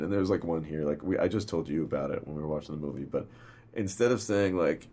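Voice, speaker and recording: A film director talking in a casual interview, rambling and swearing freely, with lots of fillers. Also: male voice, very deep voice, quick pace, dark tone. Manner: rambling and profane, full of fillers.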